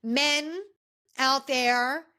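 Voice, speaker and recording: A woman's voice: high voice, steady tone, extremely slow, sharp tone. A woman hosting a podcast, giving an emphatic, indignant recap in casual chat and calling people out directly. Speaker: podcast host.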